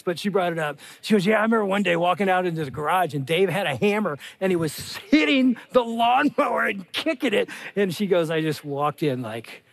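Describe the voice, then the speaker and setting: Animated older man preaching a sermon. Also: sits high, no echo. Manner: animated, acts out dialogue with big voice jumps. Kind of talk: sermon to a live audience.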